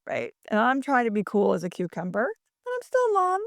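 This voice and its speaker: A woman's voice: on the high side, wildly swooping pitch, a little fast, vocal fry, no echo, studio quality. A middle-aged woman on a podcast, telling a story in a chatty way with many fillers and small laughs. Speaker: podcast co-host. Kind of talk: casual chat.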